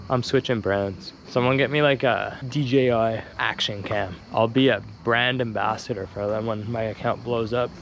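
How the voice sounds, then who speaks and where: Holding an action camera as he walks outdoors at dusk on hillside streets, a young man vlogs casually, rambling and joking to the lens. His mid-range voice is steady, creaky, and a bit bright at normal speed with hardly any pauses, while the audio has highs cut off and slight background noise.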